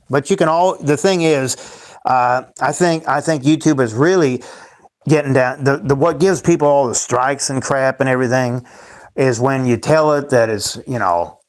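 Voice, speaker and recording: A man hosting his own livestream, rambling and ranting at his chat, repeating himself and calling the viewers guys. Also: mid-range voice. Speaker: livestream host.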